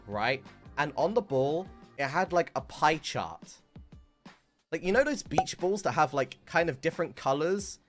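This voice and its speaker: A young man streamer telling a school story in casual, rambling chat, full of fillers. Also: medium pitch. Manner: rambling, filler-heavy, animated retelling.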